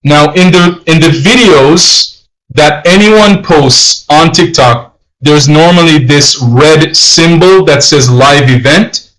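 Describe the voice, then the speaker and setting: A man's voice: fairly high pitch, slow, fairly bright tone, low-quality recording. A man teaching a live-streamed language lesson, patiently explaining and repeating phrases in Spanish and English.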